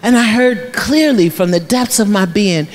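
Speaking at a moderate pace in a medium-pitched voice, this middle-aged woman gives a keynote in a large luncheon hall. She's a life coach whose motivational talk unfolds through stories, preacher-style, as she repeats phrases for emphasis and laughs often.

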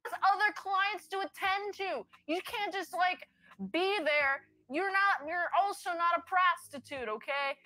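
A woman's voice: very high voice, measured pace, bright, forceful tone, dry recording. A young woman giving a blunt, snarky, rambling movie review in a played video clip.

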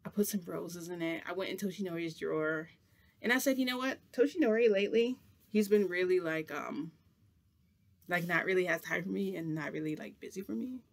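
A man with a high voice tells a story in a loose, casual vlog style. He rambles, restarts sentences and laughs as he goes, with an animated delivery. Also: fairly quick, creaky. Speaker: vlogger.

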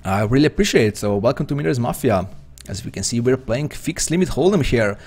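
A man's voice: medium pitch, animated, fast, a little mellow, husky. A man from Slovenia with a Slovenian accent, chatting hesitantly and rambling as he commentates his own poker stream. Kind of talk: live-stream commentary while playing.

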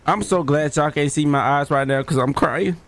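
A young man streams a horror game and offers live commentary, jumpy and exclaiming as he talks to his chat. His voice is a little high and his pace moderate, with noise in the background.

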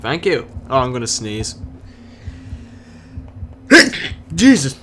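A man's voice: medium pitch, unhurried, a bit bright, a little hiss or hum. A young British man giving rambling, sarcastic let's-play commentary while he plays a game. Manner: rambling, sarcastic running chatter. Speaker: gaming channel host.

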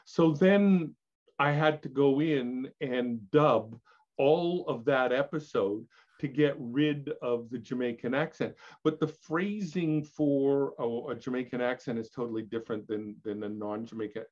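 A man's voice: mid-range voice, measured pace. Older man, interview guest, candid rambling stories, laughs often, muffled lo-fi recording. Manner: animated, laughing, many restarts. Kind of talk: candid storytelling chat. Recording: dull lo-fi audio.

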